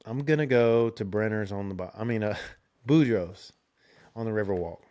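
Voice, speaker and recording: A man's voice: fairly low pitch, moderate pace, dark tone. A young man, telling rambling stories in a casual podcast chat and laughing often. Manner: rambling, laid-back, laughs often, restarts. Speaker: podcast host.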